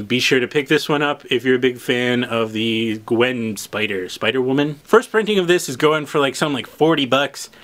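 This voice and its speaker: A man hosting a casual unboxing video, chatty and excitable, talking straight to his viewers. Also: fairly high pitch. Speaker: comic shop host.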